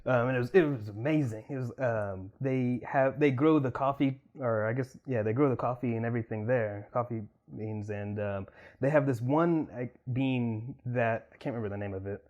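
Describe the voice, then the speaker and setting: A man's voice: medium pitch, darkish tone, highs cut off. Give me a man on a podcast, talking casually with lots of fillers. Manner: halting, full of ums and likes. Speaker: podcast co-host. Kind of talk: casual chat.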